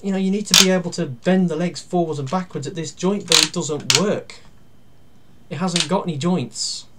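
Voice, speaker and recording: A man giving a casual toy review. He talks through each step while handling the toy, pausing and using fillers, and grumbles dryly about its flaws. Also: on the high side. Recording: steady background noise with plastic clicks.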